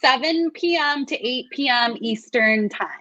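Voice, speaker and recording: A woman's voice: high voice, measured pace, bright, forceful tone, no room sound, highs cut off. A woman guest on a talk show, chatting in an upbeat way and agreeing readily. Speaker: guest, mindset coach. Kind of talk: casual chat.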